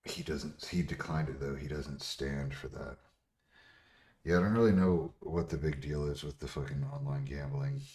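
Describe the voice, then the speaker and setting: Deep-voiced man, profane and blunt. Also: animated, moderate pace, gravelly. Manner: laughs often, gets louder when riled up. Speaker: bodybuilder streamer answering chat. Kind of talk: casual livestream chat.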